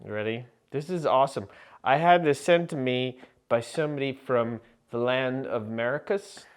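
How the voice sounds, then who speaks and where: A man vlogging to camera in a rambling, absurd comic monologue full of fillers and deadpan jokes. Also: medium pitch, normal speed, smooth.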